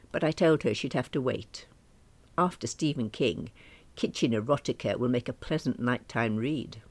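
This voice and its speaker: A woman narrating a comic diary story in a prim, earnest, deadpan manner. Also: very deep voice, no echo.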